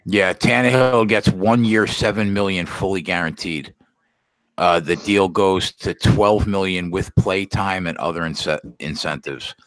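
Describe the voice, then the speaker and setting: A man's voice: deep voice, steady tone, a little slow, a bit bright, dry recording, rough recording. A man co-hosting a podcast who steers the talk and reads sports news aloud. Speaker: podcast co-host. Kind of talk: casual chat.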